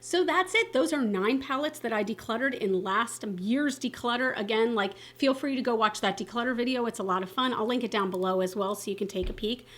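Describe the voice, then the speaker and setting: A woman beauty vlogger chatting casually to camera, expressive and candid, with lots of fillers and self-corrections. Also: fairly high pitch, fairly quick, few pauses. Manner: enthusiastic and candid, swearing casually. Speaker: beauty YouTuber. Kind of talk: casual vlog chat to camera.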